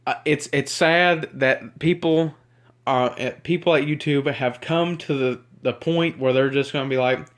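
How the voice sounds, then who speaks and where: A man's voice: mid-range voice, measured pace. A man with a Southern US accent ranting to camera as a YouTuber. He is upset and agitated, rambling and stammering over repeated words, recorded on a handheld camera mic.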